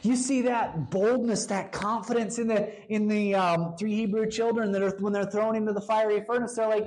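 A preacher delivering a sermon in an earnest, emphatic way, slowing down to stress the key lines. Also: mid-range voice, steady tone, a little mellow, a little hiss or hum.

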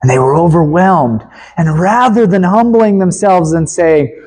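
A man preaching a sermon in an emphatic way, swinging from loud to hushed and chuckling at times. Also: fairly high pitch, animated, normal speed.

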